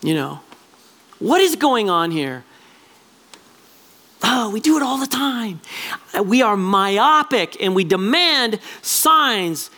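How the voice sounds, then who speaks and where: A man preaching a sermon as pastor, animated and acting out little quoted voices as he talks. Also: high-pitched, slow, long pauses.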